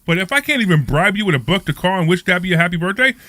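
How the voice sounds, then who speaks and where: A man hosting a casual radio talk show, jokey and animated, pushing listeners to call in. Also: sits high, racing, no room sound.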